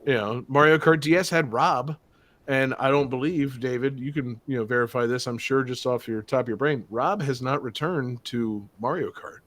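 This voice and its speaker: A man's voice: medium pitch, moderate pace, fairly bright tone. A man hosting a game show podcast, chatting casually with lots of fillers, jokey asides and swearing.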